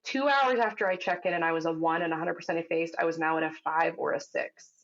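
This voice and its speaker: A woman's voice: lowish voice, fast, lo-fi sound. A woman, a podcast guest, telling a personal story in casual chat and acting out the voices of the people she quotes. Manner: animated, acts out quoted voices.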